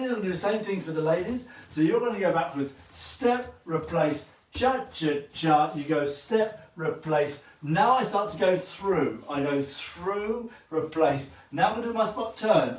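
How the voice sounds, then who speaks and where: A man's voice: on the high side, distant mic. A man giving a livestreamed dance lesson, counting the steps aloud while he demonstrates and cheering his viewers on. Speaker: dance teacher. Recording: echoey room, voice from afar.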